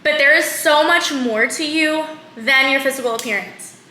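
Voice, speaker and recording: Her voice sits high and sounds pushed and bright as this twentysomething vlogger speaks at normal speed in an echoey room. She confesses candidly to camera, leaning on fillers and frequently near tears.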